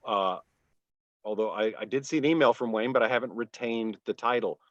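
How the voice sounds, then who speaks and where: A man's voice: mid-range voice, fairly quick, fairly bright tone, no room sound. A man who is an actor and audiobook narrator, co-hosting a podcast in a self-deprecating, chuckling way. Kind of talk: casual podcast chat. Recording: dull dry sound.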